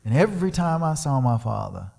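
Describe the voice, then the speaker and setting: A man's voice: medium pitch, sing-song, brisk, vocal fry, warm tone. A male guest speaker and musician giving a storytelling sermon, dramatically acting out the voices in his story. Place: large church sanctuary. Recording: long reverb of a church hall.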